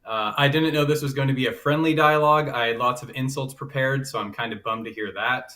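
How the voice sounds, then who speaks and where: A man's voice: medium pitch, brisk, bright, forceful tone. A man, a philosopher on a casual chat show, speaking in a laid-back, joking way. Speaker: guest philosopher.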